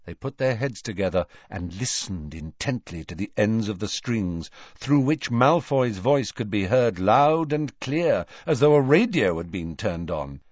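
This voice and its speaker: A man narrating a storybook aloud in a measured, expressive reading. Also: fairly low pitch, dry recording, dull audio. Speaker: audiobook narrator. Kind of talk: scripted narration.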